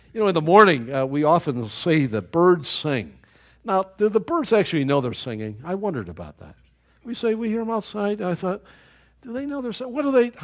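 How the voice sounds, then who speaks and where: An older male pastor delivers a sermon in a rather high voice that swoops up and down with great liveliness. He talks to the congregation with chatty asides, often repeating a word as he presses on. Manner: animated preaching with asides and repeated words.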